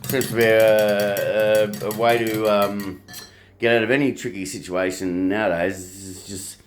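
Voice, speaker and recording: A man's voice: fairly low pitch, flat delivery, unhurried, soft background music. A man vlogging at home, rambling and crude, swearing freely between fillers. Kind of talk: casual rambling vlog monologue. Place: home, while making breakfast.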